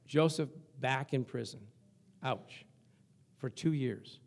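An older male pastor preaches a sermon, telling stories to his congregation in a lively, conversational, humorous way. His mid-range voice is creaky and he takes his time.

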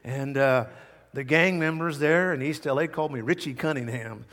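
A middle-aged male pastor delivers a sermon in a somewhat high voice, hammering key words through repetition. He slips into folksy personal stories, and his voice rings out with a long hall reverb. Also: moderate pace, fairly bright tone. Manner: emphatic, repeats key words for effect.

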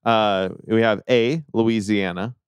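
A man hosting a casual podcast trivia game, hesitant with many fillers and quick to laugh. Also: on the low side, steady tone, clean tone, dry recording, lo-fi sound.

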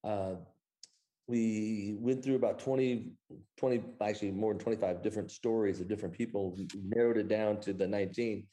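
A man's voice: on the low side, steady tone, brisk, dark tone. A man from Iowa, an author guest, telling anecdotes in a rambling way with many fillers and restarts. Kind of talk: anecdotal storytelling in conversation.

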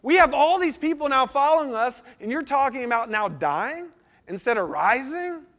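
A man's voice: sing-song, moderate pace, a bit bright, big-room sound, exaggerated voice. A man voicing a cocky, agitated male disciple who protests and pleads in a raised, pressing voice. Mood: alarmed protest. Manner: pleading and scolding, raised pitch.

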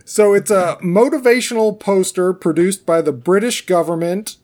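A man's voice: high voice, normal speed, a little mellow. A man co-hosting a casual chat show, joking around while explaining trivia at length. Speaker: podcast co-host.

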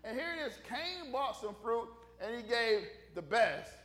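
A man preaching a casual, humorous sermon, animated and conversational, joking with the congregation. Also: very high-pitched, measured pace.

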